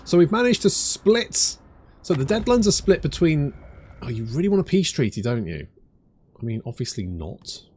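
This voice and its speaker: A man's voice: a little high, big pitch swings, normal speed, a little mellow, a little hiss or hum. A man giving rambling, chatty let's play commentary, thinking aloud and muttering to himself as he plays. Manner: rambling, chatty, wanders off on tangents. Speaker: gaming YouTuber.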